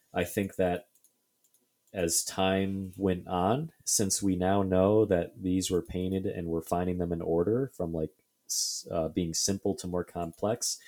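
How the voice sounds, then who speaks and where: A man's voice: deep voice, a little mellow. A young adult man co-hosting a casual podcast, thinking aloud with many fillers and restarts. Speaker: podcast co-host.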